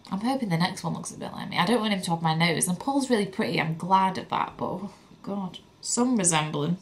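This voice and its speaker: A woman's voice: fairly low pitch, a bit bright. A young woman, chatting candidly to camera as a vlogging mother, with lots of "like" fillers. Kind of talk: casual chat to camera.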